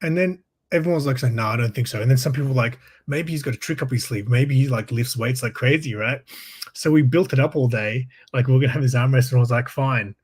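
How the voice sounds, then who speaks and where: An Australian man with a husky, slightly breathy voice spins a long anecdote in casual chat. He laughs often as he talks, and his pitch sits in an ordinary middle range. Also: quick pace. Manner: laughs often while telling stories.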